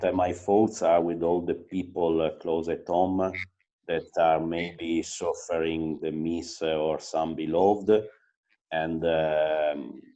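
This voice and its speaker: A man, a motorsport team principal, answering interview questions earnestly, pausing often with fillers. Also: low-pitched, warm tone. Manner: earnest, halting, many filler pauses.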